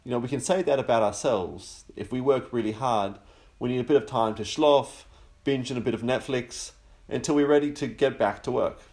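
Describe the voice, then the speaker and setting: A man hosting a podcast, giving a relaxed religious teaching that slows down on key words and builds through long lists. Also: mid-range voice. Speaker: podcast host teaching on the Sabbath.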